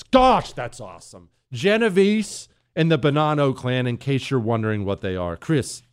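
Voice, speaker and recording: A man hosting an opinion talk show, sarcastic and emphatic, jumping between mock excitement and flat scorn. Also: medium pitch, smooth, dry recording, studio quality.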